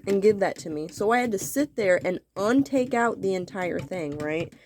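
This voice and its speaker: A woman's voice: mid-range voice, lively intonation, moderate pace, darkish tone, slight background noise. A woman telling a story to her viewers as an angry rant, swearing constantly and repeating herself. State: irritated. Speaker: vlogger.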